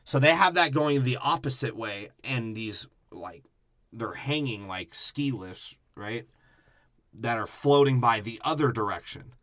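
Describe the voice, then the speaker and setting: A male podcast co-host delivers a crude, profane movie breakdown, mocking the characters in put-on voices. His medium-pitched, fairly bright voice is animated but a little slow. Studio quality, with no room sound.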